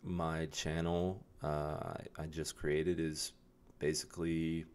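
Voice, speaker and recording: A man's voice: very deep voice, flat delivery, takes it slowly. A young man talking casually and reflectively to his camera, rambling with many fillers and restarts. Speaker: vlogger. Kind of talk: casual self-reflective vlog.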